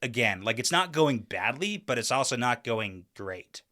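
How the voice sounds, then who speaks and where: A woman's voice: rumbling low, big pitch swings, moderate pace, pushed and bright. A woman co-hosting a book podcast in casual chat, wry and teasing, laughing often. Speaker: podcast co-host.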